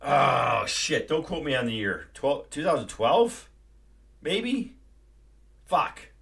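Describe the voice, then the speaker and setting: A man's voice: mid-range voice, big pitch swings, takes it slowly, creaky, fairly bright tone. A man hosting a live stream, ranting casually and profanely about a movie. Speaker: livestream host.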